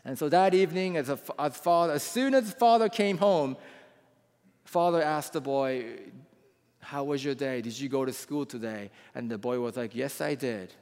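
A man preaching a sermon, telling a story and then building to loud, impassioned appeals. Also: medium pitch, normal speed. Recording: long hall reverb, faint music.

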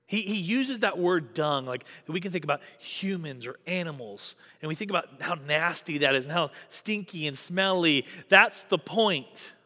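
Emphatic high-voiced male preacher. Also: lively intonation, normal speed, few pauses, bright, forceful tone, in a large hall. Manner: emphatic, rising and dropping dynamically. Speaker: pastor. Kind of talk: sermon.

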